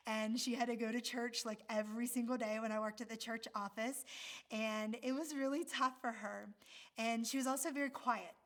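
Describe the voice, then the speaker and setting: A woman's voice: a little high, a bit bright. A woman from the United States, a missionary speaker, telling a story in a sermon in an earnest, heartfelt way.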